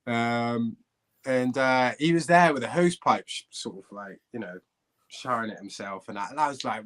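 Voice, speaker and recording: A man's voice: mid-range voice, moderate pace. A man, a former footballer, telling a rambling anecdote full of restarts and breaking into laughter. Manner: rambling, laughing, animated storyteller. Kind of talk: storytelling anecdote. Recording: clip played from earlier stream.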